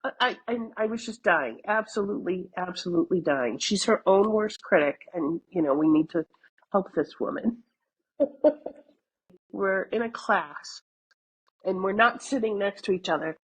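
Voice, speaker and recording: Husky-voiced woman telling stories. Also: mid-range voice, expressive, normal speed, poor audio. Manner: chatty storytelling, laughing often, swears casually. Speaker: podcast co-host. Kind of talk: casual chat.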